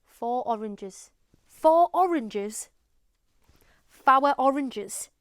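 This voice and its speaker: Slow Geordie woman reading sample words. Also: high-pitched, expressive, smooth. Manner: careful, deliberate. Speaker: accent example speaker.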